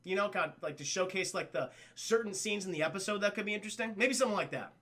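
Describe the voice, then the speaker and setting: A young man giving a casual, profane review of a cartoon episode, talking excitedly to his stream chat. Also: high-pitched, quick pace.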